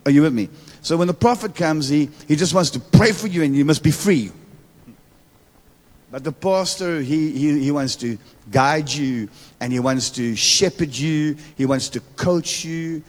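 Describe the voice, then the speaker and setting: A man's voice: on the high side, a little slow. A man with a South African accent preaching a church sermon as a guest prophet, repeating words and calling for amens with playful asides. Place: church hall. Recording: long reverb of a church hall.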